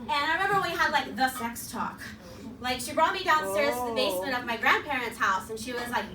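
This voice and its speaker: Very high-voiced brash woman comic. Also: expressive. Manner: brash, profane, rapid storytelling. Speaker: stand-up comedian. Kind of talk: stand-up comedy set. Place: comedy club stage. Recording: echoey club, distant mic, loud crowd.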